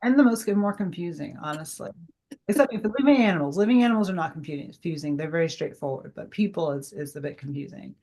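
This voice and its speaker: A middle-aged woman, a guest medium, telling an animated personal story in casual chat and acting out the dialogue. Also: sits low, quick pace. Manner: animated, heavy use of "like", acts out quoted dialogue.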